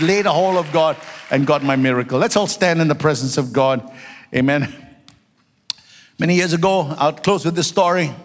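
A man's voice: fairly high pitch, in a large hall. A man preaching a sermon as a pastor, telling stories and building into fervent prayer. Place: church sanctuary.

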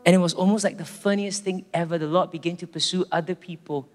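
A man with a Singaporean accent preaching a storytelling sermon, earnest and slowing down for emphasis. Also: sits high, fairly even intonation. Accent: Singaporean English. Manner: earnest, slows down for emphasis, many restarts. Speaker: pastor. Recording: reverberant hall, faint music.

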